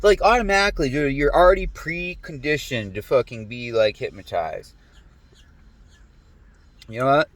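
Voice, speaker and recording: A man's voice: medium pitch, normal speed, pauses often, fairly bright tone. A man delivering a rambling, profane monologue straight to the camera, agitated and full of restarts. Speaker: vlogger. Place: lives in a humid climate.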